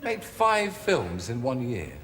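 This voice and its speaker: A man hosting a chat show, teasing his guest with quick jokes. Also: medium pitch, huge pitch swings. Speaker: talk show host. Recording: archive TV studio with hall echo and hiss.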